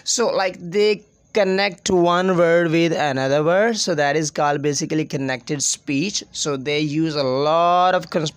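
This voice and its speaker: A man's voice: a little high, a little slow, hardly any pauses, clear, resonant tone, dry recording. A man from Pakistan with a Pakistani accent, giving an informal English speaking lesson and patiently repeating example phrases.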